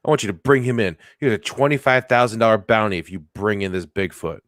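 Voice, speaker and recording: A man's voice: on the low side, lively intonation, fast, fairly bright tone, dry recording, studio quality. A man co-hosting a comedy podcast, joking and teasing in casual chat. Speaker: podcast co-host.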